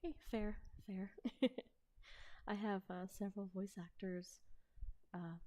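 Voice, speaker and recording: A woman with a Midwestern American accent, chatting casually and hesitantly on a live stream, now and then slipping into soft whispers. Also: medium pitch, fairly even intonation, slow. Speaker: ASMR role-play streamer.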